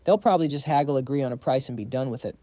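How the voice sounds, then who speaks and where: A man voicing a cold, calm young noble who leads mercenaries and speaks flatly without emotion. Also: mid-range voice, racing, dry recording, close to an everyday voice. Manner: flat, emotionless, cutting.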